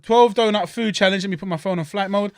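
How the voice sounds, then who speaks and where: A man's voice: sits high, quick pace, smooth, no room sound. A man co-hosting a podcast, bantering casually and talking with his mouth full. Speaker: podcast co-host. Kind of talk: casual banter during an eating challenge.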